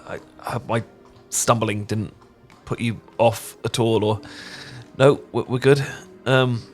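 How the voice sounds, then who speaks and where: A man's voice: mid-range voice, fairly even intonation, unhurried, faint music behind. A British man in an audio role-play, stammering, apologizing and laughing nervously. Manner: laughs often. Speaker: ASMR roleplay performer.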